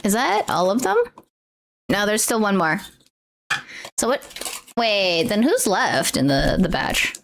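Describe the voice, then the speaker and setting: Gushing, excitable woman streamer. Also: mid-range voice, slow, gravelly, pauses often, slight background noise. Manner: gushing, excitable, exclaims often. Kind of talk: casual livestream chat.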